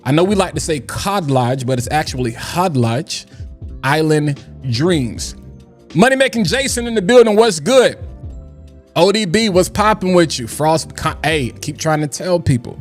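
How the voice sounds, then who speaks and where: A man hosting a casual livestream chat, loud and playful, shouting out people in the chat and often asking "you know what I'm saying". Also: a little high, a little slow, faint music behind. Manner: hype, animated, shouts out chat names; loud, playful, breaks into singing and scatting. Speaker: livestream host.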